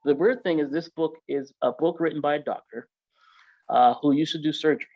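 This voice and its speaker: A man's voice: fairly high pitch, brisk, dry recording, highs cut off. Casual, emphatic man telling his story. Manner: casual, emphatic, filler-heavy with frequent "like" and "yo". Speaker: podcast guest. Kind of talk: storytelling in an interview.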